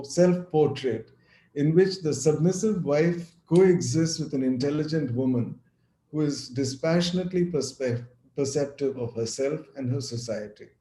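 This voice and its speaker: A man giving an academic lecture over a video call, measured and partly read aloud, with a few restarts. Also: medium pitch, warm tone, reverberant. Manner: measured, reads quotations with some restarts.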